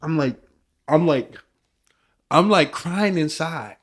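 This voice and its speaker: A young man co-hosting a podcast, telling a story in casual chat, animated and excited, with lots of restarts. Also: a little high, slow, slightly rough. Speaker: podcast co-host.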